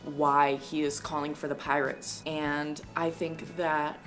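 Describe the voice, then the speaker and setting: A woman's voice: low-pitched, little pitch movement, takes it slowly, a bit bright, faint music behind. A woman in a casual vlog chat reacting to a manga, gushing and rambling with lots of "like".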